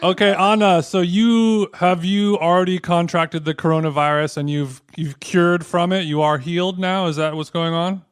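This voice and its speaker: Co-host, man, smooth voice, dry close sound, deadpan teasing jokes. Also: high voice, normal speed, few pauses, dry recording. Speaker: podcast co-host. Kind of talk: casual chat.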